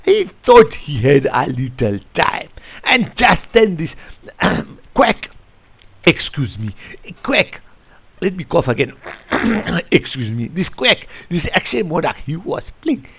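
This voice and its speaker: A man coaching football, reviewing a match over a tactics board in an animated, rambling way. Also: fairly high pitch, measured pace, slightly rough. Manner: animated, rambling, keeps saying "I tell you". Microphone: computer mic. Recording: lo-fi screen recording.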